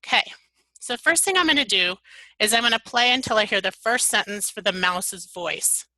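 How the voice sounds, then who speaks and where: A woman presenting a software tutorial webinar, walking through the steps one at a time. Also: mid-range voice, normal speed, dry recording, low-quality recording. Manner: upbeat step-by-step instructions.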